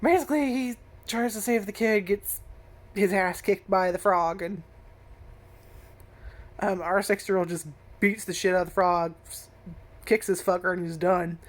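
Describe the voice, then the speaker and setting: A woman's voice: mid-range voice, a little slow, pauses often. A woman reviewing an anime at home in front of a webcam, rambling and swearing with lots of fillers. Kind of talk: casual video review. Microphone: webcam zoomed in on face.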